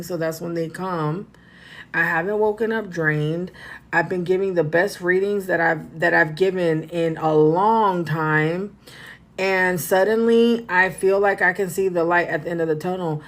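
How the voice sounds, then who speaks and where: A woman reader chatting casually on a livestream, rambling, repeating herself and talking straight to her viewers. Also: fairly low pitch.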